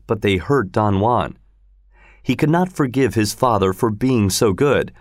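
A male narrator reads a dark tale aloud at an unhurried pace. His pitch moves widely through each sentence, giving the reading an expressive lilt. The recording is dry and close, with no room sound. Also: dry recording. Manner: slow, expressive storytelling. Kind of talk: scripted audiobook narration.

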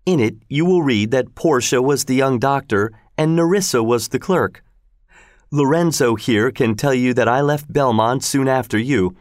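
A man's voice: mid-range voice, normal speed, a little mellow, no echo, clean studio sound, voice pushed up, lightly acted. A man voicing Portia, a witty young noblewoman. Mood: teasing. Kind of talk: storybook read-aloud.

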